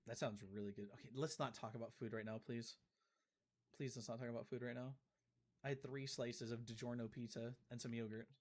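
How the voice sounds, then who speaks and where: A man's voice: medium pitch, steady tone, a little fast. A man streaming live, chatting casually and reading out and answering comments from his chat, often repeating himself.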